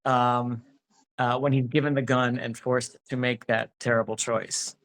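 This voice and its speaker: A man's voice: mid-range voice, flat delivery, unhurried, fairly bright tone. Rambling, hesitant man. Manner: rambling, hesitant, many restarts and fillers. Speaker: actor, interview guest. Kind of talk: casual interview chat.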